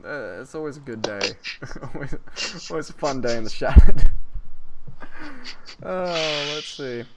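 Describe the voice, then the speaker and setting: A man's voice: mid-range voice, animated, slow, heavy background noise. An Australian man hosting a podcast late at night, a little drunk and tired, chatting casually, laughing often and swearing freely. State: tipsy and tired. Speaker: podcast host.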